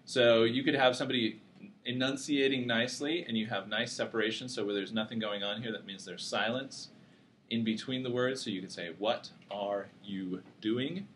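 A man's voice: medium pitch, steady tone, a little fast, a bit bright, slight background noise. A man teaching a psychology class, lecturing casually and joking with his students. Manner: casual, joking, self-deprecating.

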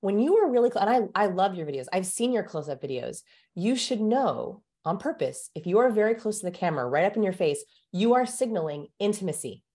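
A woman speaking as a guest expert in an interview, explaining ideas in an animated, teacherly way, speeding up and slowing down for emphasis. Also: medium pitch.

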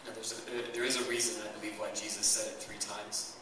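Young pastor preaching in an echoey hall. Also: male voice, fairly low pitch, little pitch movement, a little fast, background noise. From Canada. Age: young adult. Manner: enthusiastic, conversational preaching. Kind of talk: sermon. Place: church hall. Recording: echoey church hall, mic far off.

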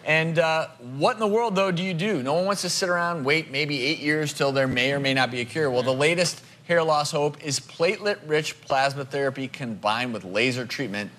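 A man's voice: a little high, fairly quick, few pauses, fairly bright tone, slight background noise. A man hosting a TV talk show, presenting in a studio with an audience and addressing them directly.

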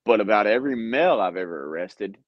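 A man who is a police officer, telling stories from his arrests in an animated, casual chat and laughing often. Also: on the low side, fast, no room sound, dull audio.

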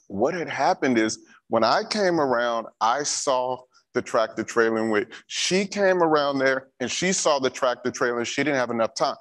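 A man's voice: mid-range voice, expressive, moderate pace, fairly bright tone. A man giving a church safety training talk, repeating key instructions and telling a personal story.

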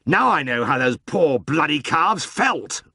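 A man voices a commanding older gentleman from a storybook. The voice is lively in pitch with a husky edge and a dry, close sound. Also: measured pace, no echo, full character voice. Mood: outraged. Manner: ominous quiet then outraged shouting. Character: older man, jovial boss turned cold and furious.

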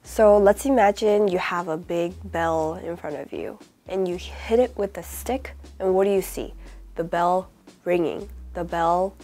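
A woman with a bad cold, her voice rough and odd, giving a casual online language lesson and explaining patiently. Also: on the low side, a little slow, mellow. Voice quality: rough, odd-sounding sick voice. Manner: explains patiently, often checking in with the viewer. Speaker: Korean language teacher.

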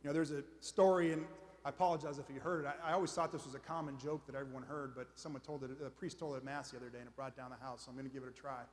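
A man's voice: mid-range voice, level tone, racing. A man giving a motivational faith talk at a men's conference. He speaks conversationally and pokes fun at himself, often checking in with the audience. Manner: conversational, self-deprecating, keeps checking in with "all right?". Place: large conference hall before a live audience. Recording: reverberant conference hall.

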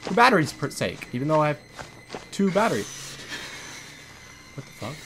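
A man hosting a horror game let's play, reacting out loud, swearing often and bursting into startled shouts. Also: on the high side, sing-song, moderate pace, background noise. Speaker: gaming channel host.

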